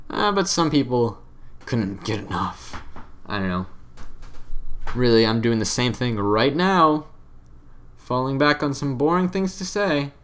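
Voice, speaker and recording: A man's voice: medium pitch, fairly bright tone. Rambling young man, gaming commentary. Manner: rambling, self-deprecating, offhand. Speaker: let's play commentator.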